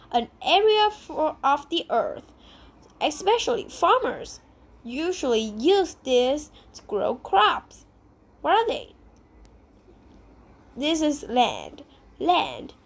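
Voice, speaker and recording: A woman with a Vietnamese accent teaching English words to children, repeating each word and asking simple questions. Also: high voice. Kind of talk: vocabulary lesson for children.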